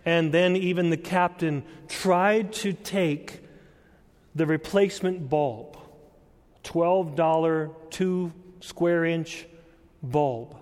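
A man preaching a sermon as pastor, telling a story deliberately and pressing his point with earnest emphasis. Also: fairly high pitch, darkish tone. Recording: long church-hall reverb.

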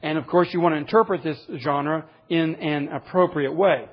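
Guy preaching, fairly high voice, kinda husky, dull lo-fi sound. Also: steady tone, normal speed. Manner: earnest, conversational preaching with sudden pitch lifts and quiet drops. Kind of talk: sermon.

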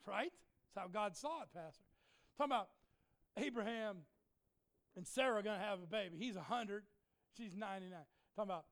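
A middle-aged man preaching a sermon to a congregation, telling folksy jokey stories and breaking into shouts. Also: high-pitched, animated, fairly quick. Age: middle-aged or older. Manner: folksy, joking, bursts into shouting. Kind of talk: sermon storytelling. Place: church in front of a congregation.

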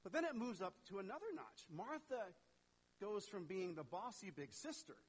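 Animated high-voiced male preacher. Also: normal speed, breathy edge, low-quality recording. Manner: animated, conversational, talks straight to the congregation. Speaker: pastor. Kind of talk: sermon.

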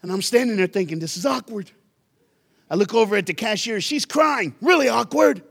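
A man preaching to a church youth crowd with a bright, ringing voice pitched a touch high. He tells a story in an animated, conversational way, punching key lines with emphasis. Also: a little fast, vocal fry. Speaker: guest youth speaker. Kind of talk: storytelling sermon.

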